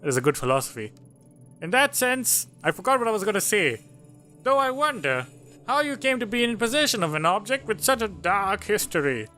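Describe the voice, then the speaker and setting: A man voicing a courteous, rambling old male historian who talks in a slow, formal way, with faint game music behind. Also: sits high, sing-song, sharp tone, pitched above the performer's own voice, exaggerated voice. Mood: musing.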